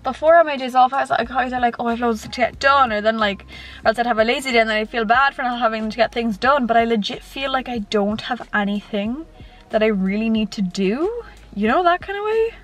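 A woman's voice: on the high side, expressive, fairly quick, soft background music. A young woman in her twenties, chatting casually to the camera in a rambling way, full of "like"s. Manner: rambling, says "like" a lot. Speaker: vlogger.

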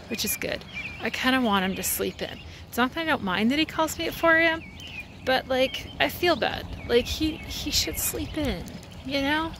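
A woman's voice: on the high side, background noise. A woman walking outside while vlogging into her phone, talking in a rambling, heated, casual way with lots of fillers. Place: outdoors, walking.

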